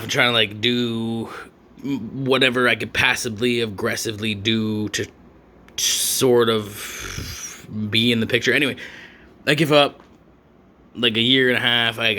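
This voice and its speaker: A man's voice: on the low side, bright, forceful tone, slight background noise. A young adult man telling a rambling, profane storytime rant full of slang and fillers. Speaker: vlogger.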